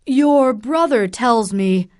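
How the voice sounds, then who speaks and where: A woman's voice: a little high, slow, darkish tone, dry recording, studio quality, voice pushed up. A woman voicing a stern middle-aged male doctor and worried father, speaking in a firm, probing way in an audiobook.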